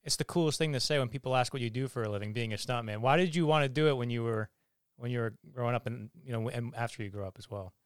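A man's voice: medium pitch, quick pace, clear, resonant tone, no echo, studio quality. A man co-hosting a casual interview, asking a long rambling question.

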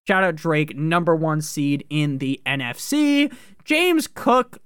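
A man talks through a sports podcast in loose, profane commentary, full of jokes. His voice is smooth and resonant. The sound is close and dry, with no room around it. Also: a little high, animated, fairly bright tone, dry recording. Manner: profane, joking, fast-talking. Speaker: fantasy football podcast host.

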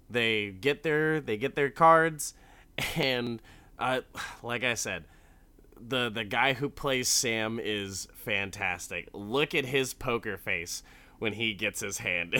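A man's voice: medium pitch, sharp tone, clean tone, no room sound. A man casually recapping a film in a rambling, profane way with many restarts.

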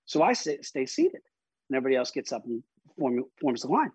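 Husky-voiced man telling a story. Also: medium pitch, big pitch swings, fairly quick, darkish tone, no room sound, poor audio. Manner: vivid, emphatic retelling with frequent restarts. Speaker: interview guest. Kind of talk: personal storytelling in conversation.

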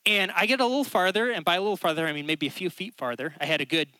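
Male pastor, conversational sermon delivery, a bit high and bright. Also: racing, no room sound, low-quality recording. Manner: conversational storytelling, keeps checking in with the crowd. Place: church.

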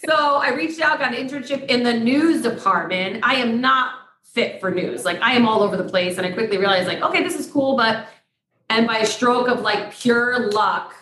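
A woman's voice: fairly high pitch, normal speed, roomy sound, low-quality recording. A middle-aged woman, a radio host telling stories in a casual interview and acting out quoted exchanges. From Poughkeepsie, New York. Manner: lively storyteller who acts out quoted exchanges.

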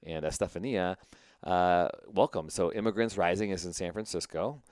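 Very deep-voiced joking male host. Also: a little mellow, no room sound. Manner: joking and rambling, quick to laugh. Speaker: podcast host. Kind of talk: casual chat and interview.

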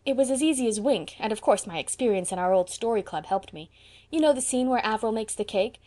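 A woman's voice: a little high, expressive, a little fast, mellow. A woman voicing a cheerful, chatty young woman who is a loyal best friend, in an audiobook. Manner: bubbly, chatty.

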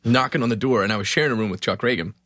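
A man from Philadelphia, a musician guest on a podcast, telling a story in an animated, profane, self-mocking way. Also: medium pitch, very fast, dry recording.

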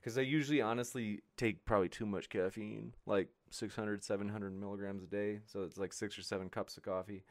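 A man's voice: fairly low pitch, steady tone, a little fast, few pauses. A young man hosting a debate livestream, reading out viewer super chats in a scattered, giggly way. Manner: giggly, scattered, laughing between lines. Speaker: debate moderator and livestream host.

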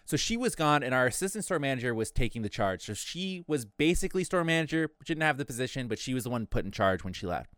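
This young podcast guest talks fast in a sing-song, medium-pitched voice, barely pausing as he winds through a lengthy story about work and imitates the coworkers he quotes. The sound is fairly bright and clean, recorded dry at studio quality.

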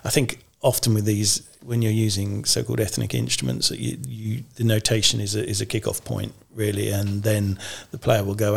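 This is a low-pitched man with a gravelly, creaky voice. He chats casually as the guest in an interview. He rambles, restarts his sentences and laughs often. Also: normal speed, hardly any pauses. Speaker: guest orchestrator.

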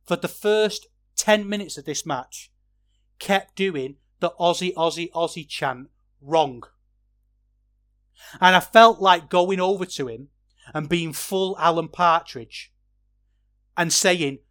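A man hosting a podcast, giving a rambling, opinionated wrestling review that gets animated when he is worked up. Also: high-pitched, unhurried. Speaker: podcast host.

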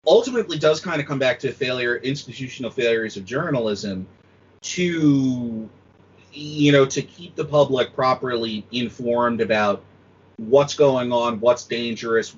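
A man, a film critic guesting on a podcast, talking in animated, sweary casual chat and mocking others in quoted voices. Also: medium pitch, normal speed, husky. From United States. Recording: dull lo-fi audio.

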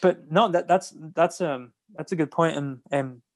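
A man's voice: on the high side, unhurried, a little mellow. Male host, casual chat, earnest and agreeable, repeats himself as he thinks. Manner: earnest and agreeable, repeats words while gathering thoughts. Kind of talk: casual conversation.

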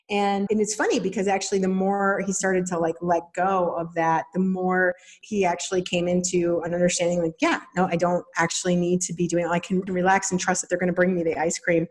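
A woman in her thirties hosts a podcast, delivering a casual, animated teaching monologue and acting out small quoted voices to explain things. Her voice is lowish and steady in tone, and she talks briskly with hardly any pauses.

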